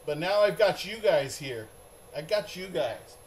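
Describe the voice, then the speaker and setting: Upbeat middle-aged male host, rambling live-stream chat, unhurried delivery, faint background noise. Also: sits high, lively intonation. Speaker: card break host.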